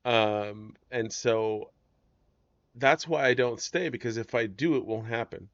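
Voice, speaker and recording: A man of middle pitch trades wry, deadpan jokes in relaxed podcast chat. His voice sounds slightly dull and lo-fi, recorded dry with no room echo. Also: measured pace. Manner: wry, joking, dry asides.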